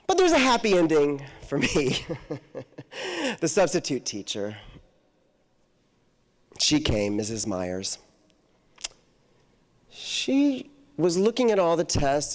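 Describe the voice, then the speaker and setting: A man telling a personal story to an audience on a handheld mic, animated and often laughing as he acts out the people in it. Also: a little high, slow, pauses often. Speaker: guest author speaker. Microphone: handheld microphone.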